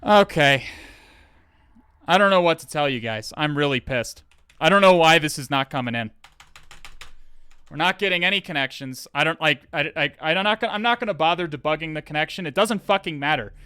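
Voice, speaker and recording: Male livestreamer, a bit high-pitched and very clear, exasperated and swearing, halting restarts. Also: animated, pushed and bright, no room sound. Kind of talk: live-streamed hacking commentary.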